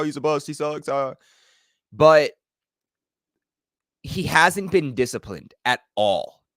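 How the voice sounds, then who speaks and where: Young male fan host, play-by-play and reactions; bright, dry, excitable. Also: mid-range voice, no echo. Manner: excitable, swings from calm analysis to yelling. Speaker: fan watch-party host.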